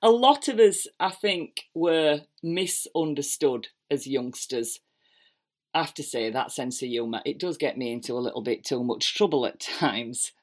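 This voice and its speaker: Yorkshire woman in her fifties, low voice, lively self-deprecating storyteller. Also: unhurried. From England. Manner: chatty, animated and self-deprecating, with broad dialect. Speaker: podcast host. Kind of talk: personal storytelling monologue. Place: home kitchen.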